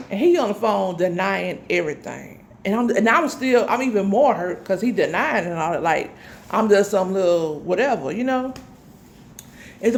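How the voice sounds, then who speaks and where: A woman with a gravelly, medium-pitched voice recounts a personal story at normal speed. Her telling is casual and animated, full of dramatic asides, and she speaks straight to her audience, calling them "y'all."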